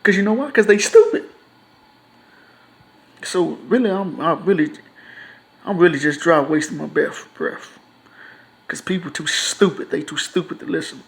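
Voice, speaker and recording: A frustrated man, ranting to camera in a loose, profane, repetitive way. His voice sits a bit high for a man, and he keeps circling back to the same points. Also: moderate pace, vocal fry, long pauses. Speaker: YouTuber. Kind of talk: casual ranting monologue.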